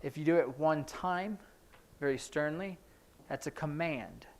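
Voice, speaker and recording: Brief: male sign language teacher, slightly high voice, explains as he demonstrates, hurried asides. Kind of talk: classroom instruction. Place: church classroom.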